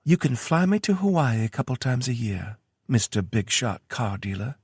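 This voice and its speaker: A playful young woman with a Kentucky accent teases her lover, bright and high, bouncing between mock seriousness and fun, as a male narrator puts her on. The voice is slightly husky and dry, read close to the mic. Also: sing-song, moderate pace, no echo. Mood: teasing. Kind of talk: audiobook character voice.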